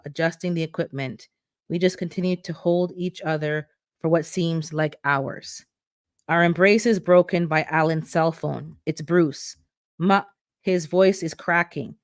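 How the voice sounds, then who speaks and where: A channel host reading a memoir aloud for an online book club, unhurried, with an occasional slip and self-correction. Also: medium pitch, no echo, clean studio sound.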